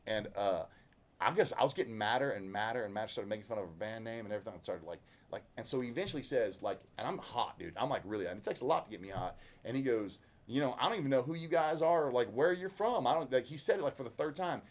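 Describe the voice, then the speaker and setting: A man with a Southwest Louisiana accent and a gravelly growl in his voice, telling a rambling, folksy story in casual chat as a country singer guest. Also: fairly low pitch, expressive, quick pace. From Lake Charles, Louisiana. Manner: rambling, folksy, self-interrupting. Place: inside a vehicle.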